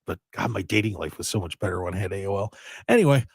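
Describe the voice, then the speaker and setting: Animated man hosting a radio show. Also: deep voice, quick pace, vocal fry, breathy edge, dry recording, clean studio sound. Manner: animated, repeats words when starting sentences. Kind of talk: casual chat.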